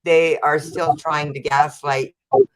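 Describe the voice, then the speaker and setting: A woman's voice: sits low, flat delivery, slow, a loud crowd. A woman guest in a casual livestream discussion, earnest and hesitant as she searches for words.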